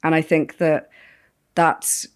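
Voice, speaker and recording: British woman, low pitch, podcast co-host, chatty, analytical. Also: monotone, takes it slowly, clean tone. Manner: chatty and analytical, reads listener letters aloud. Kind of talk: casual chat.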